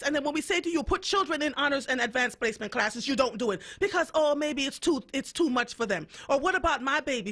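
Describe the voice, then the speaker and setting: A woman's voice: high voice, sharp tone. A woman from Jamaica hosting a radio show, giving an impassioned, emphatic monologue and repeating points for emphasis. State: fed up. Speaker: radio host.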